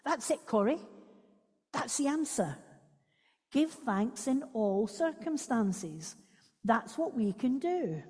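A devout, serene woman prisoner, as a woman reading a book puts her on speaks with an earnest, encouraging warmth. Her voice is raised higher and soft with breath. It rings out with a long reverb. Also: sing-song, slow, pauses often, husky, exaggerated voice.

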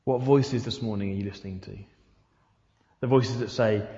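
A man's voice: mid-range voice, fast, darkish tone. A man preaching a sermon in a church hall, asking his listeners repeated rhetorical questions. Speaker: pastor. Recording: echoey hall, dull sound.

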